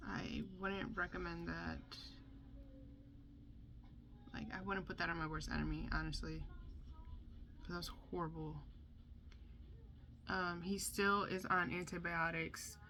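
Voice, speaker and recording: Young mom doing a storytime vlog, chatty, lowish voice but bright and punchy. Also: female voice, a little slow, gravelly, pauses often, slight background noise. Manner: chatty, animated, acts out quotes. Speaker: mother telling a storytime.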